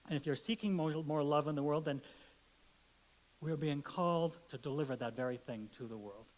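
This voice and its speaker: Middle-aged male pastor, slightly high-pitched, playful storytelling sermon. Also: brisk, poor audio. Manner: conversational, playful, acts out voices in stories.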